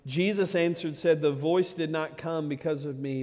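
A pastor preaching a sermon, fervent and emphatic, addressing the congregation directly. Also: male voice, fairly high pitch, normal speed, darkish tone. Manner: fervent, emphatic preaching with many "man" interjections. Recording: long hall reverb.

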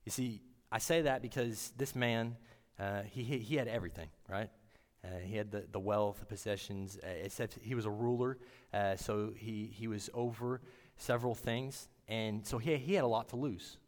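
A man's voice: lowish voice, darkish tone. Earnest man preaching in a reverberant room. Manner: earnest, halting, with frequent restarts. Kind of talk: sermon.

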